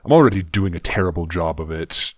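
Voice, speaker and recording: Man, deep voice, muted mumbly low-energy gameplay commentary, understated. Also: lively intonation, a little fast, no room sound. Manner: soft, muted, mumbly delivery. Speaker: gaming channel host.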